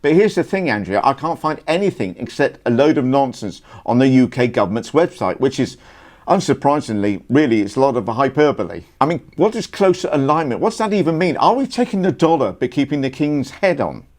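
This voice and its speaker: A man's voice: medium pitch, very animated, brisk, darkish tone. A British man co-hosting a casual political chat, joking and wry. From United Kingdom. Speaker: podcast co-host.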